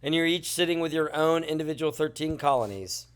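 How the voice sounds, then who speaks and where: A man's voice: on the high side, fairly quick, clear, resonant tone. A male teacher talking through a classroom lesson in a chatty way, with joking asides, who says he is tired. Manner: chatty, lively, jokey asides. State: tired, yawning.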